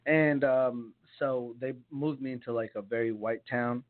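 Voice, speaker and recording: A man's voice: mid-range voice, steady tone, unhurried. A young man from New Jersey, a songwriter guest telling his story in rambling, laughing casual chat full of restarts. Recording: tinny phone-like sound.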